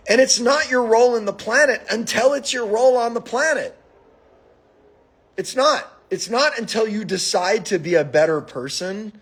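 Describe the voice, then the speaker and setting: A man hosting a live stream, telling a story in a profane, animated, casual monologue. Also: a little high, husky.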